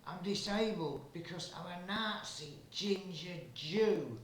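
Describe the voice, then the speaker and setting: A man voicing a cheerful German man with a wooden leg in a mock German accent, high and exaggerated. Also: takes it slowly, a bit bright, slight background noise. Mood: breezy. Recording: roomy, distant amateur recording.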